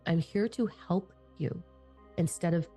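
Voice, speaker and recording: A woman's voice: fairly low pitch, unhurried, dark tone, faint music behind. Blunt, profane woman spiritual teacher. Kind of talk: casual spiritual monologue.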